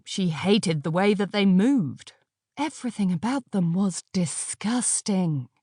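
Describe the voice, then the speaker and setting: A woman narrating an audiobook in a measured, expressive storytelling manner. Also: medium pitch, breathy edge, dry recording, studio quality.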